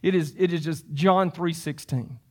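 A man's voice: fairly high pitch, moderate pace, darkish tone. A man in his fifties preaching a sermon, emphatic and repeating phrases for stress. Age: 50s. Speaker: pastor.

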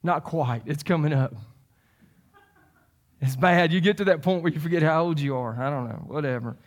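A man's voice: fairly high pitch, moderate pace. A man in his fifties preaching a sermon, emphatic and repeating phrases for stress. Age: 50s. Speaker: pastor.

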